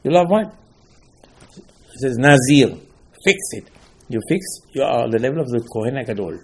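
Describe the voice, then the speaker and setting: Husky rabbi. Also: male voice, medium pitch. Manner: non-native English, halting restarts, rising emphasis. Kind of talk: Torah class sermon.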